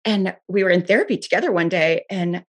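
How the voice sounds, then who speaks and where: A woman with a fairly low voice speaks as an interview guest, earnest and candid. She often says "like" and restarts her phrases as she tells her own story. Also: brisk. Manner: earnest, frequent filler "like", restarts.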